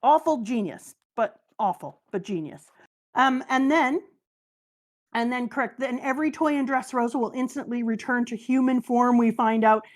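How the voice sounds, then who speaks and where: A woman's voice: on the high side, moderate pace. A woman hosting a casual chat, gushing and joking her way through an anime recap. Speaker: host.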